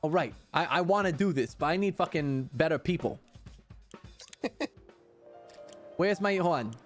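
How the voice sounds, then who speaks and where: Excitable high-voiced male streamer. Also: unhurried, faint music behind. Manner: excitable, loud, swears a lot. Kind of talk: live gameplay commentary.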